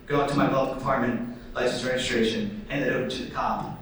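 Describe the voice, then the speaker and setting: A young man doing stand-up comedy in a theatre, telling stories in an animated way and acting out voices. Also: fast, very echoey, distant mic, low-quality recording. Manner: animated, acts out voices with sudden high squeals. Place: theatre stage before a live audience.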